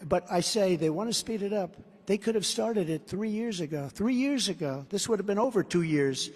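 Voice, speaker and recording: A man's voice: high-pitched, expressive, normal speed, darkish tone. A man in his seventies from the United States giving a combative, repetitive campaign rally speech at a podium microphone. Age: 70s. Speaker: political candidate. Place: large indoor rally venue. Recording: long arena reverb.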